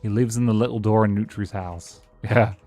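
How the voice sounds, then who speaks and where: A man's voice: fairly low pitch, steady tone, normal speed, mellow, soft background music. A man streaming a game live, rambling casually and answering his chat as he plays. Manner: rambling, chatty, answers chat and thanks followers.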